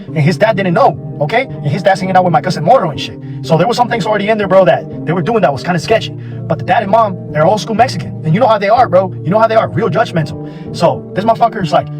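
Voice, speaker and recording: Animated, fast-talking young man telling a story. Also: high-pitched, over music. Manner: animated, slangy, profane. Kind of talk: casual storytelling.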